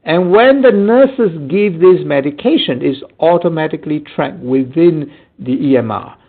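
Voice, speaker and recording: A male physician answering audience questions in a webinar, explaining in a halting way with many fillers. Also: a little high. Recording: tinny phone-like audio line.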